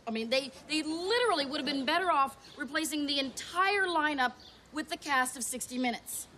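A woman's voice: high voice, lively intonation, fairly quick, background noise. A woman playing a snobbish, condescending fan who talks in a smug, pompous way for a sketch comedy. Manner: smug, pompous, repeats words for emphasis. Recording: TV studio audience laughter.

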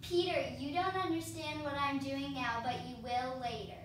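Jesus as a calm, gentle teacher, voiced by a woman with a high voice, spoken softly in a school skit. The sound is far from the mic and bounces around a big echoey hall with some background hiss. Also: moderate pace, lightly acted. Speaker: skit actor.

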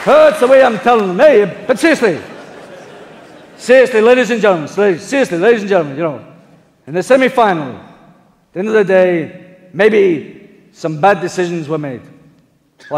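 A man's voice: sits high, animated, moderate pace, gravelly, pauses often, a faint crowd. A man doing a brash Dutch football boss. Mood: mock serious. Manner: loud, hammy, punchline-driven, shouted catchphrases. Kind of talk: live stage impression. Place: large theatre stage. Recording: live hall with audience.

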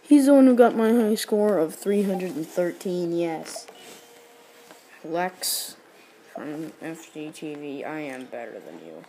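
A woman's voice: fairly low pitch, slow pace, dark tone, a little hiss or hum. A woman giving casual game commentary as the host of a gameplay tutorial, explaining each step while she rambles and corrects herself.

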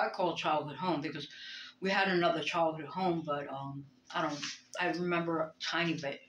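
A woman's voice: deep voice, a bit bright, slight background noise. A woman, rambling in a personal vlog, hesitant and reflective, with many fillers and restarts. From Brooklyn, New York. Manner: emotional, reflective. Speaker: vlogger. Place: bedroom. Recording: roomy bedroom echo.

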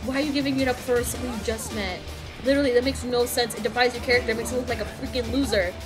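A young woman streamer giving casual, expressive gameplay commentary, swearing and ranting at the story. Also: a little high, rapid-fire. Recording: game music behind. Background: game music.

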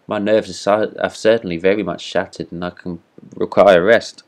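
A man's voice: sits low, steady tone, moderate pace, lightly acted. A man reading a storybook voicing a pompous, self-important male firework rocket with a haughty, supercilious manner.

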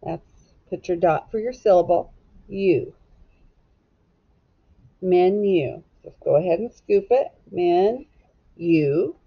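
Slow, gentle woman teaching phonics. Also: fairly low pitch, slightly rough. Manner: slow and deliberate, sounding out syllables and letters; gentle and encouraging toward young children. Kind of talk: children's phonics lesson. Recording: dull lo-fi sound.

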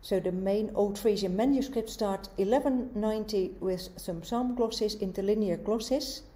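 Female lecturer, mid-range voice, calm and methodical with questions to the class. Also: mid-range voice. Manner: measured, explanatory, with rhetorical questions. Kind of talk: university lecture.

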